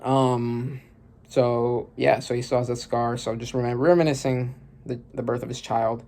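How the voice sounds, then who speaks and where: A man reading through a manga chapter aloud and reacting, often bursting into loud exclamations and swearing. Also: medium pitch, steady tone, normal speed.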